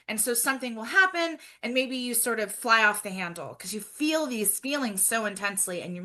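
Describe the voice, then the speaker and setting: A woman's voice: mid-range voice, pushed and bright. A woman guest on a podcast, talking earnestly and reflectively in casual chat, with frequent fillers.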